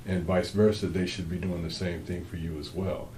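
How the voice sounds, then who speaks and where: A man's voice: deep voice, little pitch movement, moderate pace, warm tone, roomy sound, a little hiss or hum, poor audio. A man co-hosting a faith-based marriage talk with his wife, speaking earnestly and rambling with frequent restarts. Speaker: co-host, husband.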